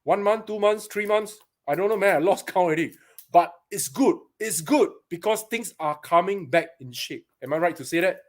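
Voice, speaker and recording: A Singaporean man with a high voice and Singaporean English accent hosts a casual live stream from a paintball shop, speaking at a moderate pace. He is chatty and greets viewers by name.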